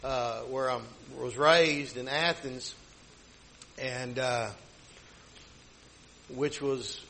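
A man's voice: fairly high pitch, pushed and bright, slight background noise, low-quality recording. A middle-aged man, a pastor telling a personal story in a rambling, folksy sermon style. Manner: folksy, rambling with many restarts.

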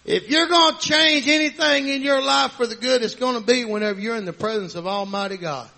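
Male preacher, very high and piercingly bright voice, fervent shouted sermon full of amens. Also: fairly quick, gravelly.

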